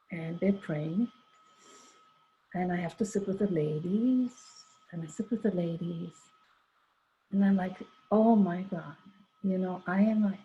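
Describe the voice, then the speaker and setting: A woman's voice: medium pitch, warm tone. An older woman telling a personal story in a rambling, conversational way, full of asides and quoted dialogue. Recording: dull lo-fi recording.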